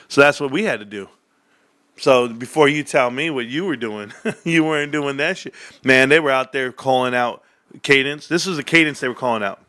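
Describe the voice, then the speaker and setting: A man hosting a casual livestream chat from his home desk, animated, swearing and laughing often. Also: mid-range voice, normal speed. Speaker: livestream host.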